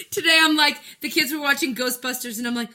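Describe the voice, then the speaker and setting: Bright lady cracking up on a podcast, teasing the guys. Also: high voice. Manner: laughs often, teasing. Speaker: podcast co-host. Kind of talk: casual podcast banter.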